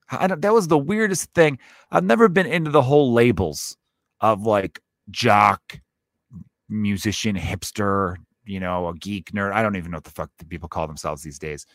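A man's voice: on the low side, no echo, clean studio sound. A middle-aged man telling a rambling, profane comic monologue, breaking into mocking voices for the people in his stories. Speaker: comedian.

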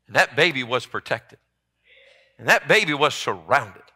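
A man preaching a sermon as pastor, swinging from loud emphatic peaks down to low, quiet lines. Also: lively intonation, normal speed, breathy edge. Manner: impassioned, rising to loud emphatic peaks then dropping low.

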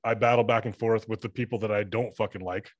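Man, podcast guest: rapid, profanity-laced storyteller, dry close sound. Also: on the low side, steady tone, no echo. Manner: profane, rambling anecdotes with acted-out dialogue. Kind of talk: casual storytelling chat.

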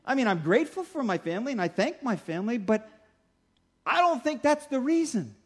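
A middle-aged male pastor preaching a sermon in a conversational way, slowing down to stress key points. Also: extremely high pitch, very animated. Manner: conversational preaching, slows for emphasis.

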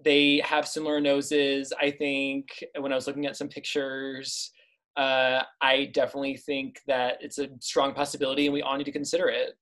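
Low-voiced deadpan woman. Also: moderate pace. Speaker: guest. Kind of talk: casual chat.

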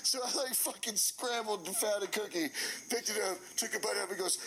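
A man telling a funny story casually, animated and laughing as he goes, swearing freely. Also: high-pitched, fast talker, creaky, rough recording. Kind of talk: casual anecdote.

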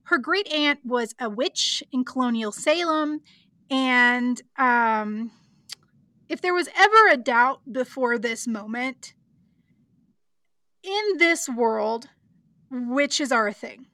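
A woman with a high, bright voice recaps a show in a loose, giggly way, full of likes and ums. Her sound is close and dry, with no room around it. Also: expressive, slow pace, long pauses, dry recording. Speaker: podcast co-host recapping an episode. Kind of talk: casual chat.

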